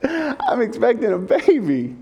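A man's voice: extremely high pitch, wildly swooping pitch, a little slow, warm tone, breathy edge, muffled recording, voice pushed up, heavily acted. A male preacher voicing Mary as a nervous young woman who giggles and stalls before breaking her news.

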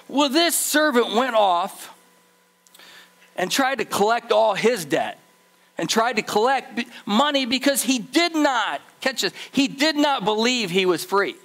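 A man preaching a sermon as pastor, animated, acting out the people in his story. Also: very high voice, a little slow.

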